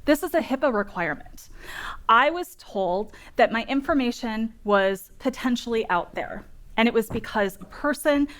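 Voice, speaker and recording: A woman's voice: on the high side, animated, normal speed, fairly bright tone. A woman in her thirties giving a humorous, direct conference talk to an audience in a meeting room. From Northern California. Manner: humorous, self-deprecating, direct. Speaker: keynote speaker on dental data security.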